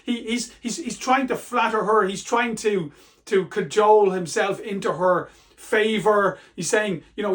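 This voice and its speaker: Emphatic high-voiced teacher. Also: male voice, measured pace, a bit bright. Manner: conversational, emphatic, reads quotes aloud with feeling. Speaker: literature teacher. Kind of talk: exam-prep literature lesson.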